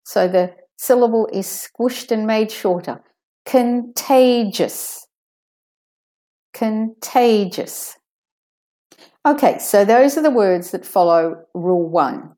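A woman teaching English pronunciation, saying example words slowly and carefully. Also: mid-range voice, warm tone. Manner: slow, careful, drawn-out word demonstrations.

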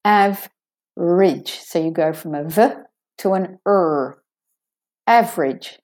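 A woman teaching English pronunciation, patiently saying model words slowly and clearly, then explaining how each should sound. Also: low-pitched, expressive, darkish tone. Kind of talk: pronunciation lesson.

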